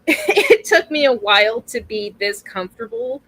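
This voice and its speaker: A woman's voice: mid-range voice, lively intonation, normal speed, a bit bright, no room sound, poor audio. A woman in her mid-thirties talking casually as an interview guest, rambling, laughing often and swearing freely. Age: 30s. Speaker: guest streamer.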